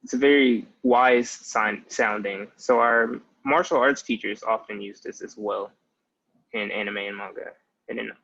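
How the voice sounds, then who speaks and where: A man's voice: mid-range voice, a bit bright, breathy edge, lo-fi sound. A young man in his twenties giving a patient, casual language lesson with many "like" fillers. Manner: patient, explanatory, with frequent "like" fillers. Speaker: language teacher.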